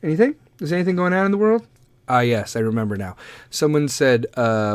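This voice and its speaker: A man's voice: medium pitch, very animated, a little fast, no room sound. A man hosting a comedy podcast, rambling casually with lots of swearing and pep talk. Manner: profane, rambling, motivational. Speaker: podcast host.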